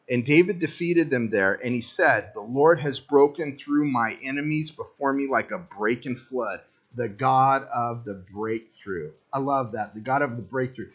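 A man preaching a sermon as pastor, casual and joking, talking straight to the congregation. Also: mid-range voice.

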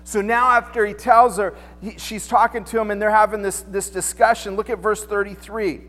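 A man's voice: high-pitched, little pitch movement, normal speed, a bit bright. A man preaching a sermon in a church, talking in a loose, conversational way and throwing out rhetorical questions. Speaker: pastor. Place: church sanctuary. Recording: long hall reverb, faint music behind.

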